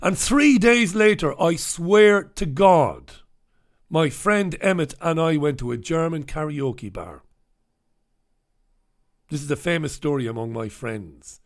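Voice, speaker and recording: Male host, fairly high voice, rambling swear-laden comic yarns, laughs a lot. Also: fairly bright tone. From Ireland. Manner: profane, laughing, rambling anecdotal delivery. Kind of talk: comic storytelling on a live show.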